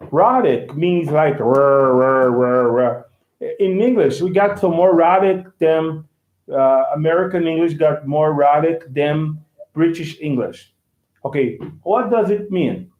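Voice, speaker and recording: A man whose first language is Portuguese teaching English with a Brazilian accent, talking in a halting way, repeating himself and asking "right?". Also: fairly high pitch, lively intonation. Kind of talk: casual classroom explanation. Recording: tinny, echoey phone-quality room sound.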